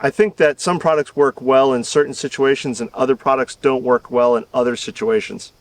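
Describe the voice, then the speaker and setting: Rambling gardener, a bit off-mic outdoors. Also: male voice, medium pitch, steady tone, fairly quick, dry recording, recorded from a distance. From Southern United States. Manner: rambling, self-deprecating, chuckles often. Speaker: gardening channel host. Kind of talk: casual outdoor video talk.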